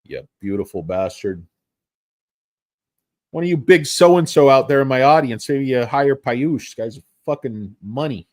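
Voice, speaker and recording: A man's voice: medium pitch, lively intonation, measured pace, no room sound, clean studio sound. A middle-aged man talking stocks on a casual livestream, rambling, swearing often and mocking himself. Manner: rambling, profane, self-mocking. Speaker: stock market streamer.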